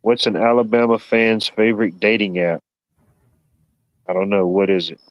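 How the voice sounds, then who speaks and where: A man's voice: lowish voice, moderate pace, no room sound, highs cut off. A man hosting a casual live stream, joking and rambling, peppering his talk with "you know what I mean". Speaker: stream host.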